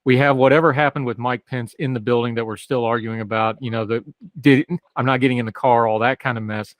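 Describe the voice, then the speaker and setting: A male radio host lays out his question in a loose, conversational way before handing over to his guest. His voice is mid-pitched and sounds dry and close to the mic. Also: steady tone, fairly quick, no echo. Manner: conversational, sets up questions at length. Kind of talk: interview questions.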